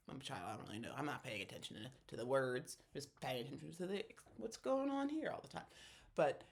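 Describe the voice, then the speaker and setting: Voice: mid-range voice, creaky. A video creator talking through a personal experience in a casual, reflective monologue, rambling and earnest, with many fillers and self-corrections. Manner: earnest and openly emotional.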